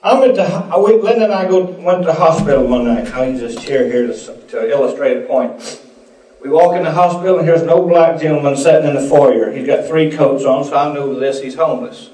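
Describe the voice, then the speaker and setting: Heard from a distance in an echoey room, a man preaches a sermon full of folksy stories, acting out each character's voice. His tone is warm, his pitch on the high side, and his pace a little fast.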